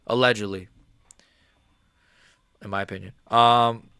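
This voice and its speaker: Young male streamer, rambling frustrated fight reactions, dry close mic, mid pitch. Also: normal speed, fairly bright tone, no room sound. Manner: frustrated, profane, rambling with many fillers. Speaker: livestreamer watching a fight. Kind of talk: casual live-stream reaction commentary.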